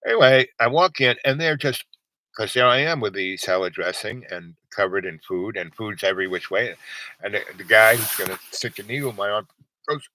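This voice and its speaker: A man spins a long, meandering story, stopping and restarting often. His voice sits a bit low but rings bright and forceful. The sound is dry and close. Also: a little fast, no room sound, poor audio. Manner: meandering, full of fillers and restarts; acts out other people's lines with a raised voice. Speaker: vlog host telling a personal story. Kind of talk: rambling casual storytelling.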